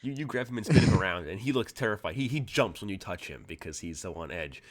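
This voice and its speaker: A man's voice: deep voice, lively intonation, fast talker. A man narrating as game master in a tabletop game, casual and full of fillers.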